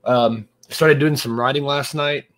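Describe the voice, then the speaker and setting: Guy cohosting a podcast, middle pitched voice, rambly with lots of uhs. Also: steady tone, measured pace, a bit bright. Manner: rambling, hesitant with many fillers. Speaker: podcast co-host. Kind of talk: casual chat.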